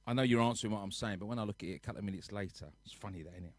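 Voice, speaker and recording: A man's voice: fairly low pitch, very fast, a little mellow, no room sound. A man chatting casually to his live-stream audience from his sofa at home, rambling and reading viewer comments aloud. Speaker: live-stream host and musician.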